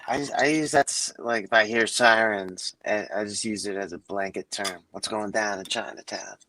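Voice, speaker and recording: A man's voice: normal speed, a little hiss or hum. A man co-hosting a casual chat, telling a story and acting out quotes with big jumps in his voice. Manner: animated, acts out quotes with big pitch jumps. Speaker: co-host.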